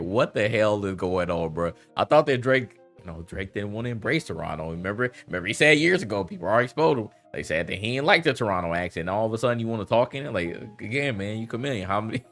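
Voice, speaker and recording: A man with a fairly low voice holds forth in a loose, slang-filled commentary rant. He laughs often and circles back over his points with casual fillers. Faint music sits quietly behind him. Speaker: commentary vlogger.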